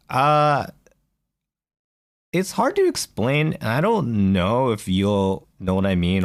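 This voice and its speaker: A man with a low, deep voice talks through a game in a loose, rambling podcast chat. He keeps circling back with fillers and restarts as he finds his words. The sound is close and dry, with no room around him. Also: dry recording. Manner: hesitant, many fillers and restarts. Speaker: podcast co-host. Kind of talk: casual chat about video games.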